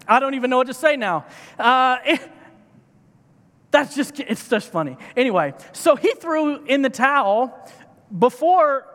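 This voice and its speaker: A man's voice: very high-pitched, a bit bright, big-room sound. A man giving a sermon from a church stage, in a playful, joking manner. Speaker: preacher.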